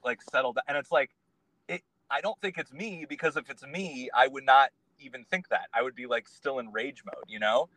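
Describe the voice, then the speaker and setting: A man's voice: medium pitch, moderate pace, a bit bright, no room sound, rough recording. Man telling a meandering story in a dry-sounding room. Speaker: podcast guest. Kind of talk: casual conversation.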